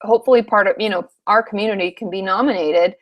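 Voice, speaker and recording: A woman's voice: mid-range voice, fast talker, muffled recording. A woman in her thirties, a therapist from Washington state, answering viewer questions in a frank, chatty live Q&A, swearing casually now and then.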